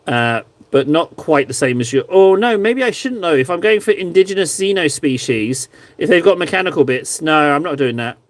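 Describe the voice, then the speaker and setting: A man with a slightly higher voice chats casually on a stream, rambling and poking fun at himself as he goes. He is recorded close on a desk mic, with a dry sound and no room echo. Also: animated, moderate pace. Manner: rambling, self-mocking, playful. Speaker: streamer reviewing viewers' miniature paintings. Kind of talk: casual live-stream chat.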